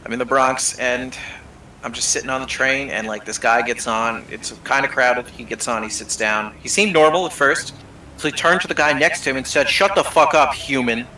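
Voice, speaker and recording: Man telling stories in bright voice. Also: medium pitch, normal speed, far from the mic, a little hiss or hum, rough recording. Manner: animated storyteller, swears freely. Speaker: streamer co-host. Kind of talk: casual chat while gaming.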